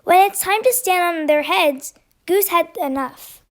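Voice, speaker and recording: A woman reading a children's picture book aloud in an expressive, gentle storytelling manner. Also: very high voice, a little slow.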